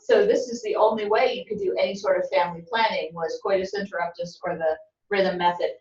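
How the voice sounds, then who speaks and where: A woman's voice: fairly low pitch, fairly even intonation, fast, a little mellow. Woman lecturing a class from afar. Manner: conversational, joking with students. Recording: dull, roomy, from a distant mic.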